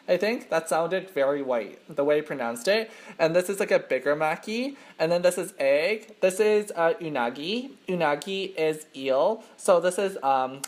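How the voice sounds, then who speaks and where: Young male mukbang host, chatty and rambling, filler-heavy casual delivery. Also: on the high side. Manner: self-conscious, admits to nervousness. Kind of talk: casual eating-show chat to camera.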